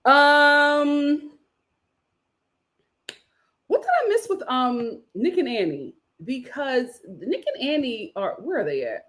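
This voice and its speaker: Woman, 30s, live-stream reality TV reviewer; high, lively voice, sassy and opinionated, laughs a lot. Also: slow, pauses often. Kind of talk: casual live-stream commentary.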